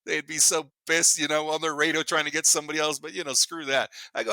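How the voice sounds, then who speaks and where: A man in his fifties tells wild stories at a rapid clip in a bright, forceful voice. He rambles, swears freely and laughs along with his own tales. The sound is close and dry. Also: fairly high pitch, fairly even intonation, dry recording. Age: 50s. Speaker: podcast guest. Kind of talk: casual storytelling.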